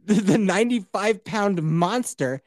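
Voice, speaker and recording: A man's voice: high voice, measured pace, a little mellow, dry recording, clean studio sound. A man in his thirties co-hosting a podcast, telling a crude story with lots of swearing and laughter, acting out other people's voices. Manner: profane, laughs often, acts out voices. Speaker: podcast co-host.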